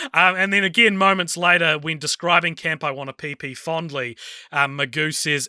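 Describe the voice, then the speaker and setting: A man co-hosting a film podcast who recaps scenes in a casual, amused way, laughing often and pausing on fillers. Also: on the high side, pushed and bright, no echo, studio quality. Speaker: podcast co-host. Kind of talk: casual film review chat.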